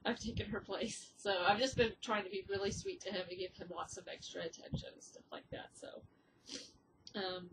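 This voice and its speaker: A woman's voice: mid-range voice, fairly even intonation, a little fast. A woman podcaster in casual chat, with a mid-range voice. She talks in a chatty way with many ums and uhs, and sounds teary and grieving. Faint noise sits behind her. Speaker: podcast host.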